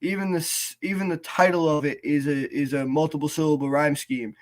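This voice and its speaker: Higher-voiced man in halting casual chat. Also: steady tone. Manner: halting, with many fillers and restarts. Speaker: podcast co-host. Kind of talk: casual chat about writing rap lyrics.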